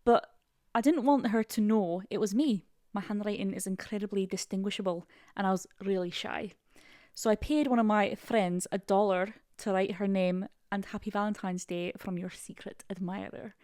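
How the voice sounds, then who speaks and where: A woman's voice: medium pitch, steady tone, moderate pace, darkish tone, no room sound, studio quality, natural voice. A woman telling a story in a put-on Scottish accent, tripping over some of the words. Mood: playful. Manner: trips over words, breaks into laughter.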